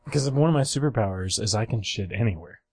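A man's voice: lowish voice, expressive, fast talker, darkish tone, slightly rough, dry recording. A young man on a podcast telling a long rambling story in casual chat, acting out other people's voices and laughing at himself.

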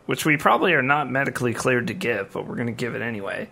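A man's voice: medium pitch, expressive, fast, creaky, pushed and bright. A young American man co-hosting a podcast, giving blunt, laughing banter. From United States. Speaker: podcast co-host. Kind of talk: casual chat.

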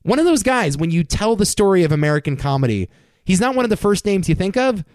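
Man, high voice, very animated pitch, dry close sound, sarcastic entertainment chatter. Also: dry recording. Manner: wry, sarcastic asides, quick rundown. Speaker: podcast host. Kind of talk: casual entertainment news commentary.

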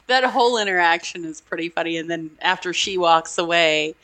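A woman's voice: lowish voice, unhurried, pushed and bright. A woman co-hosting a podcast, chatting casually about an old film, laughing often as she retells scenes. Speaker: podcast co-host.

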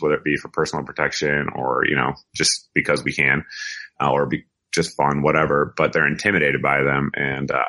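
A man with a very low, deep voice that still sounds forceful and bright. He talks casually as a guest on an interview podcast, circling back and correcting himself as he goes. He is middle-aged and from the United States. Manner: rambling, self-correcting storyteller. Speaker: podcast guest, firearms video reviewer.

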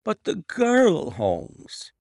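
A man's voice: high voice, huge pitch swings, drawn-out words, gravelly, darkish tone, no echo, studio quality, voice pushed up, heavily acted. A man reading as an earnest, alarmed companion. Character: earnest, loyal male companion, easily alarmed. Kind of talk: audiobook reading.

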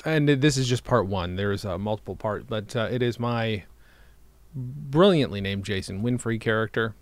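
A man's voice: on the low side, normal speed, faint music behind. A man co-hosting a podcast in casual, rambling chat, swearing now and then. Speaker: podcast co-host.

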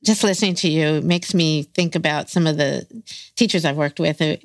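A woman's voice: low voice, moderate pace. A woman hosting an interview, asking questions and encouraging her guest with short affirmations. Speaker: interviewer, host. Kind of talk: conversational interview.

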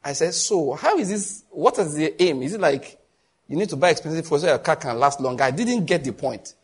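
A man with a Nigerian accent preaching a sermon as pastor, telling lively stories with quick asides and bursts of laughter. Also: a little high, slightly rough.

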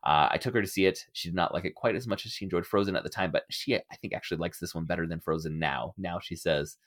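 A middle-aged man hosting a casual podcast discussion, animated and laughing often as he acts out quotes. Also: deep voice, fast. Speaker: podcast host.

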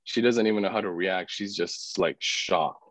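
Telling a casual personal story as a podcast guest, this low-pitched man talks at normal speed, fills his speech with "like," and acts out others' lines. The podcast audio is dry and dull.

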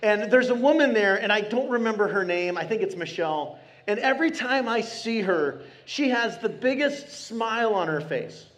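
Pastor guy with a pretty high voice, earnest and chatty, preaching from the pulpit. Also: lively intonation, a bit bright. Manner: earnest, conversational, with emphatic slow phrasing. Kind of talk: sermon. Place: church sanctuary.

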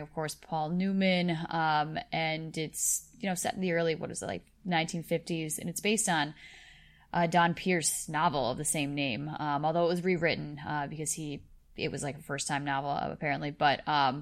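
Woman in her thirties, low pitch, hesitant, lots of ums, casual movie talk. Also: normal speed. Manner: hesitant, filler-heavy. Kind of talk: casual film chat.

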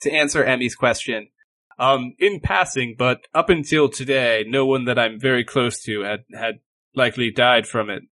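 A man's voice: mid-range voice, normal speed, pushed and bright. A man playing a tabletop game who talks in a joking, playful way. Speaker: player. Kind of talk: casual tabletop game play.

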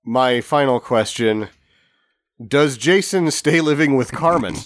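A man's voice: mid-range voice, takes it slowly. A man chatting on a comedy podcast, blunt and joking. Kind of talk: casual comedic chat.

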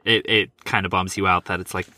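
Lower-voiced man, dry close sound. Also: level tone, a little fast, pushed and bright, dry recording. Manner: hesitant, many ums while thinking aloud. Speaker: podcast co-host. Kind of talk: casual film podcast chat.

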